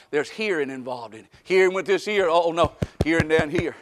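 A man preaching a sermon, shouting some lines and hushing others, with folksy repeated questions to his congregation. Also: on the high side, brisk, few pauses. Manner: swings from shouted calls to hushed asides.

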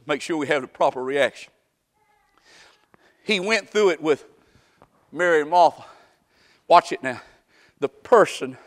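A man preaching a folksy sermon that swings from quiet talk up to shouting. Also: a little high.

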